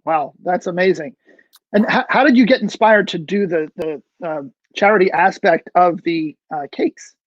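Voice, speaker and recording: A man's voice: high-pitched, moderate pace, no room sound. A man hosting a livestream interview over a video call, giving short affirmations and then musing aloud. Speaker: show host. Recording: dull lo-fi video call audio.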